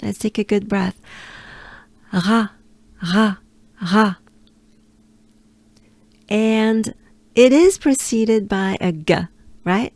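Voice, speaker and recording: A woman from France with a French accent, teaching pronunciation by slowly repeating syllables and leading the listener through them. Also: mid-range voice, darkish tone, no room sound. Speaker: pronunciation coach. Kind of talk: slow, drilled pronunciation lesson.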